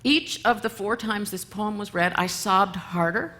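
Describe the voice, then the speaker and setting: Bright-voiced woman telling a funny story. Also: mid-range voice, unhurried. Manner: lively, self-mocking, laughs often. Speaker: guest speaker and musician. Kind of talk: storytelling church talk.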